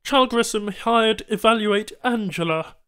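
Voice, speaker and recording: A man doing a halting, broken-speaking alien trader. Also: high voice, pushed and bright, clean tone, pitched above the performer's own voice. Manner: clipped broken phrasing, formal apologies.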